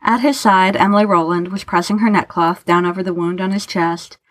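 A woman reading a story aloud in a steady, measured narration. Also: fairly low pitch, dry recording. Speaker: audiobook narrator.

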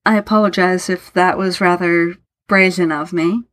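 A woman voicing a formal, soft-spoken gentleman. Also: lowish voice, fairly even intonation, normal speed, dry recording, close to an everyday voice. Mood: polite. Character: earnest, apologetic man of a past era.

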